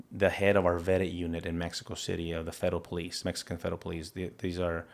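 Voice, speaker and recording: A man giving an interview, earnestly retelling a frightening event with halting restarts and quoted dialogue. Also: sits low. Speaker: interview guest, federal agent. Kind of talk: personal account in an interview.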